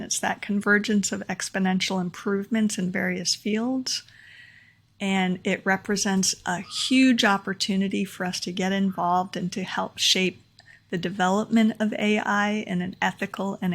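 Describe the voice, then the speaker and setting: Earnest woman with a gravelly edge. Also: mid-range voice, fairly bright tone. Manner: earnest, repeats key points for emphasis. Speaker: vlogger sharing talk takeaways. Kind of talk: casual explainer monologue. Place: home room near a window.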